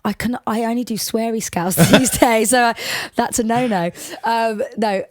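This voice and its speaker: A woman's voice: on the high side, normal speed, no echo, clean studio sound. A woman from Liverpool with a Watford accent, co-hosting a podcast in a chatty, self-deprecating way. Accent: Watford, England. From Liverpool, England. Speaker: podcast co-host. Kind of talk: casual chat.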